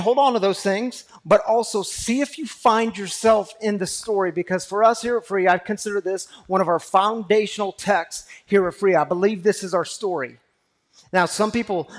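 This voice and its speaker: A man, pastor of a recovery community, preaching a sermon that moves from quiet storytelling to loud, fervent exhortation. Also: high-pitched.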